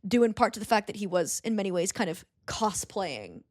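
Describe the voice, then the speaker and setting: A young woman co-hosting a casual comedy podcast, chatty and quick with asides, often laughing. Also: mid-range voice, big pitch swings. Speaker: podcast co-host.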